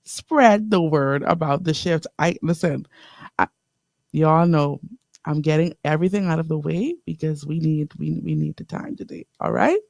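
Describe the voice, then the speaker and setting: A woman hosting an inspirational radio talk show. She talks lively and straight to her listeners, and she repeats key lines slowly. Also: low voice, creaky, no echo, studio quality. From the Bahamas. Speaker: radio host. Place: radio studio.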